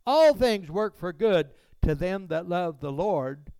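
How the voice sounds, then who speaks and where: A slow, high-voiced preaching man. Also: lively intonation, a little mellow, clear, resonant tone, no echo. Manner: preacherly, swells to fervent rises on praise lines. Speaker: pastor. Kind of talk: sermon. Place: church.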